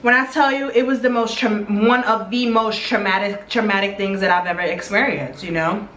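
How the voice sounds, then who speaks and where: A woman's voice: medium pitch, steady tone, normal speed, fairly bright tone. A young woman vlogger telling a candid, emotional story from her own life in a blunt, casual way, with some swearing. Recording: echoey room, faint background hum.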